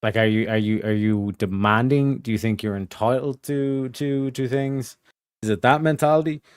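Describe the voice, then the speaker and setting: A man's voice: mid-range voice, steady tone, moderate pace, clear, resonant tone, no echo, studio quality. A man hosting a casual stream chat, rambling with many fillers and restarts over a video call. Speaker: streamer host.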